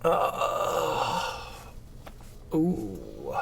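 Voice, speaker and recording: A woman's voice: fairly low pitch, expressive, drawn-out words, vocal fry, long pauses, darkish tone. A woman streaming a game, reading its text aloud and muttering to herself, swearing casually.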